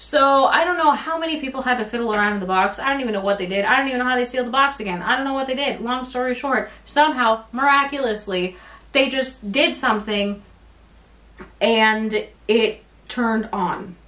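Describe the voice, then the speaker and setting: A woman's voice: a little high, fairly quick, fairly bright tone. A young woman vlogger telling a rant-style story time, rambling and exasperated as she recounts what happened. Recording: roomy sound from a bit off mic.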